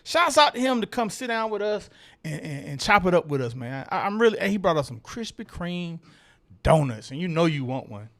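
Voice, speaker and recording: A tipsy man co-hosting a sports talk show, giggly and loud. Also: sits high, sing-song, fairly quick. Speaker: podcast co-host.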